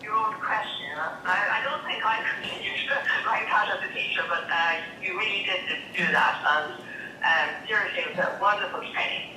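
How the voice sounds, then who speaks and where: A woman's voice: mid-range voice, normal speed, recorded from a distance. Irish woman, fifties, chatty tribute, laughs, speakerphone from across an echoey room, background hiss. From Ireland. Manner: warm, chatty, laughs between remarks. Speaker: dermatologist calling in. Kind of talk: tribute speech over speakerphone. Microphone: phone on speaker, far camera.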